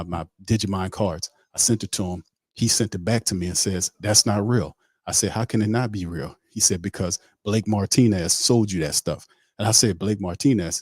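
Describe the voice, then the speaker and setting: A man's voice: lowish voice, fairly even intonation, brisk, a little mellow, no room sound, studio quality, close to an everyday voice. A man doing a comic impression of a rambling, boastful male pro quarterback. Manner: rambling comic storytelling with mock dialogue.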